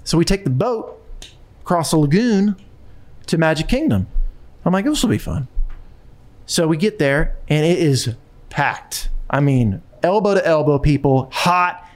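Man telling an animated story. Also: fairly high pitch, a little slow. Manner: animated, with frequent restarts and repetitions. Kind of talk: casual storytelling conversation.

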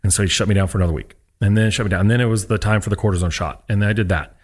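Fast-talking man telling stories. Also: lowish voice. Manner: animated storyteller who acts out quotes. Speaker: guest, former college pitcher. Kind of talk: casual storytelling.

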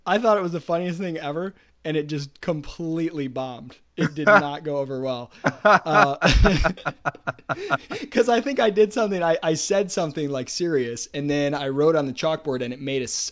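A man's voice: a little high, moderate pace, fairly bright tone. A father co-hosting a casual podcast, telling anecdotes with frequent restarts. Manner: anecdotal, storytelling, hesitant restarts. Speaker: podcast co-host. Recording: dull lo-fi podcast audio.

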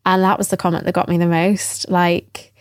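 A woman's voice: on the low side, flat delivery, moderate pace, darkish tone, dry recording, studio quality. A middle-aged woman, speaking earnestly and reflectively as a podcast guest, often quoting what people said to her. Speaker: podcast guest, trainer and former teacher. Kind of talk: conversational interview.

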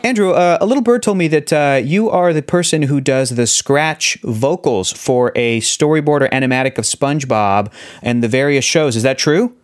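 A man's voice: mid-range voice, normal speed, clean tone. A man hosting a podcast in an enthusiastic, chatty way. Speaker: podcast host. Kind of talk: casual chat.

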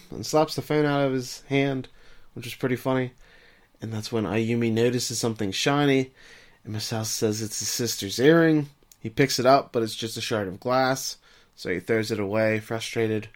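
A man co-hosting a podcast, summarizing the plot of an episode in a casual way and turning to his co-host with questions. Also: mid-range voice. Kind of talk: casual recap chat.

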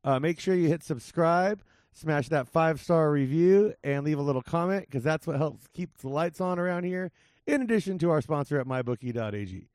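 A man hosts a casual podcast in a somewhat high voice. His talk is loose and rambling, full of "uh" and "like". The sound is dry and close to the mic. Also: expressive, moderate pace, darkish tone, dry recording. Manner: loose, rambling, lots of fillers and laughs. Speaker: podcast host.

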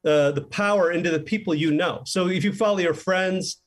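A man being interviewed as a film director, telling stories in a casual, animated way and acting out the lines he quotes. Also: high voice, a little fast. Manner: animated storyteller who acts out quoted lines.

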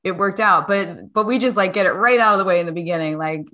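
A woman's voice: medium pitch, fast, sharp tone. Bubbly laughing woman. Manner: bubbly, laughs while talking. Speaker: podcast co-host. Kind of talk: casual conversation.

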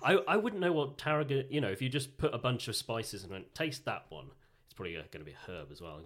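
A man's voice: mid-range voice, expressive, quick pace, a bit bright. A man co-hosting a podcast, talking hesitantly with many restarts in casual chat. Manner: hesitant, full of fillers and restarts. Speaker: podcast co-host.

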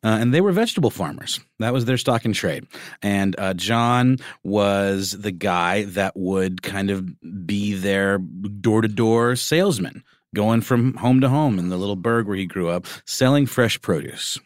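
A man's voice: on the low side, a little slow, dry recording, studio quality. A man co-hosting a podcast, chatting casually and joking with slang. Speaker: podcast co-host. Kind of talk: casual chat.

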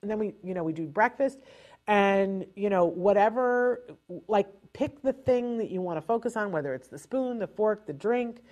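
A woman giving parents casual spoken advice in a lively, chatty way, often restarting her sentences. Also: medium pitch, normal speed. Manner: animated and chatty, with frequent restarts. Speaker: advisor to parents on child language delay.

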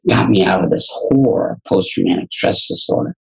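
A man's voice: low voice, a little fast, gravelly, breathy edge, dull audio. A man, a guest educator and entrepreneur, telling a personal story in conversation and acting out the dialogue with animation. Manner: animated storyteller who acts out quoted dialogue.

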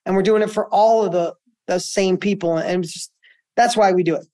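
Energetic middle-aged man telling a story. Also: high-pitched, a little fast. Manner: energetic storytelling with repeated restarts. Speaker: guest entrepreneur. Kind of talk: conversational podcast interview.

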